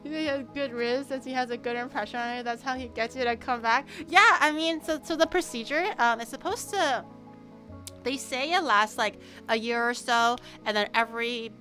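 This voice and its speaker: A woman streamer chatting casually and telling stories in an animated way, laughing often. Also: a little high, moderate pace, faint music behind. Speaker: VTuber streamer.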